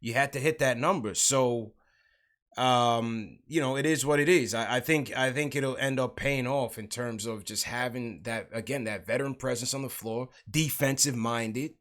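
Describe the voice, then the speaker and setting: Upbeat New host. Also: male voice, medium pitch, normal speed, a bit bright. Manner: hypes up the chat, greets viewers. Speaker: livestream podcast host. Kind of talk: casual basketball talk.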